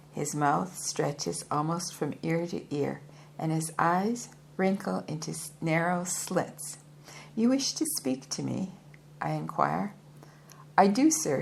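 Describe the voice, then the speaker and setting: A woman narrating a first-person travel book in a measured, unhurried reading. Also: sits low, vocal fry, darkish tone, a little hiss or hum. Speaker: audiobook reader.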